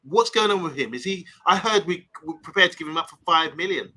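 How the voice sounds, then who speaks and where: This is a chatty man hosting a live stream, reading viewer comments aloud and wandering between topics. His voice is bright and sits a little high. He keeps it casual and rambling. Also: lively intonation, brisk, poor audio. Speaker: host.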